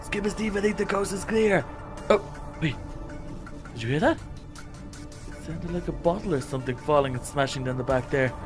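A man's voice: on the high side, normal speed, pauses often, over music, close to an everyday voice. A man voicing an anxious, talkative young male shark hero in a Minecraft role-play, stammering and rambling when scared. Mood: nervous, cautious.

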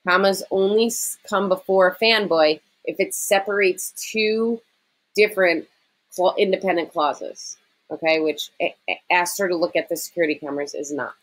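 A woman's voice: lowish voice, moderate pace, poor audio. A woman teacher giving a recorded writing lesson to her students, explaining step by step in a conversational way with frequent "okay" and "um".

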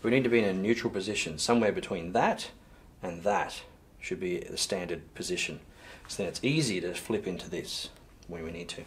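Over the sound of drums, a man with a low voice runs a recorded percussion lesson, talking a little fast with few pauses against faint hiss or hum. He's a music teacher who counts in, calls out sticking patterns loudly, and then goes over technique with calm patience.

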